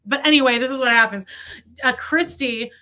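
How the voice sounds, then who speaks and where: A woman co-hosts a casual gossip podcast in a high-pitched, brisk voice. She is animated, swears often, and acts out what other people said.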